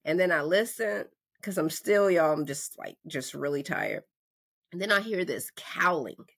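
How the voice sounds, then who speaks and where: A woman in her forties from North Carolina, hosting a podcast and telling a story in a lively, conversational way, acting out the voices in her quotes. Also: on the low side, unhurried, gravelly. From North Carolina, USA. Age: 40s. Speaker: podcast host. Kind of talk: casual storytelling monologue.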